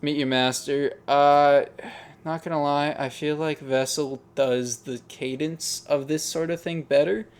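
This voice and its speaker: A man's voice: fairly high pitch, fairly even intonation, measured pace, smooth. A man giving casual, musing commentary as he ranks songs, often hesitating and restarting. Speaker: music ranking video host. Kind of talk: casual tier-list commentary.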